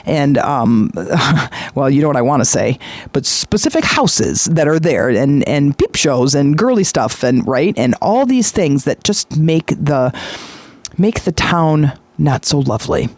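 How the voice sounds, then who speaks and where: A man hosting a podcast, retelling a story in a lively, chatty way with frequent fillers. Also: fairly high pitch, unhurried, no echo. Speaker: podcast host. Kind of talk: casual storytelling monologue.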